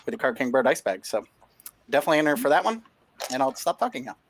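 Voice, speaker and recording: A man playing in a remote tabletop game and casually promoting his company's software and prizes. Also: mid-range voice, sing-song, fast talker, a little hiss or hum. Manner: upbeat, plugs products with casual filler. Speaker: player and software company representative. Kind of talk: casual livestream chat. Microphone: home mic on a video call.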